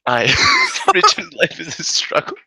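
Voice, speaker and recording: A man's voice: a little high, wildly swooping pitch, a little slow, heavy background noise. A young man telling a long story to friends in a casual, profane way, laughing often. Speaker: storyteller on a podcast.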